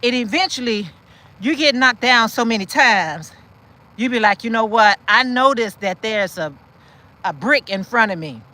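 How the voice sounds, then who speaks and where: Woman host, bright and forceful, preachy encouraging walk-and-talk, repeats lines for emphasis. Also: a little high, animated, moderate pace. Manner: reads and answers viewer comments. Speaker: channel host. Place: outdoors, walking in a city.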